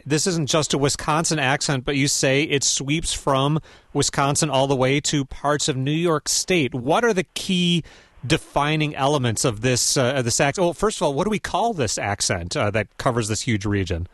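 A man's voice: on the high side, animated, moderate pace, a bit bright, no echo. A man hosting a radio interview, asking questions in a curious, conversational way. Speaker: radio host.

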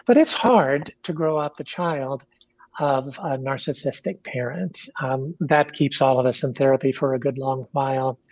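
A woman from Kentucky talks as a radio interview guest in a measured, candid way, pausing with fillers and restarts. Her voice is husky. The line sounds dry and muffled. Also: very deep voice, a little mellow, dry recording. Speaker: guest, pastor and author.

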